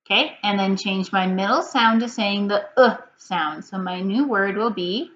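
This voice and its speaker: A woman teaching a reading lesson to young children at home, prompting slowly and clearly and pausing for answers. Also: medium pitch, a bit bright, lo-fi sound. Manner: slow, clear, patient prompting with pauses for answers.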